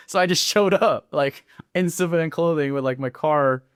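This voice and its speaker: A man's voice: on the high side, brisk, few pauses, fairly bright tone, clear, resonant tone, no echo, studio quality. A man in his thirties from Northern California, a podcast guest telling his story in a laid-back, profane way and acting out the people he quotes. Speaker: podcast guest, military veteran. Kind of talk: casual storytelling interview.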